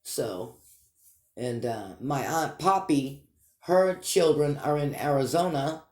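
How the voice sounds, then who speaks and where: A Massachusetts man with a Boston accent hosts a vlog, rambling upbeat and casual to his viewers. His voice is on the high side and slow. The room is echoey.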